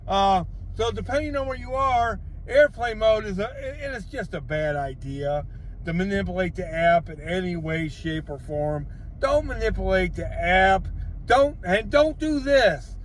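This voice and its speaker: A man's voice: high voice, animated, a little slow. An older man, a gig delivery driver, giving blunt, exasperated advice in a casual vlog from his vehicle. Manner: blunt, exasperated, lecturing with rhetorical questions.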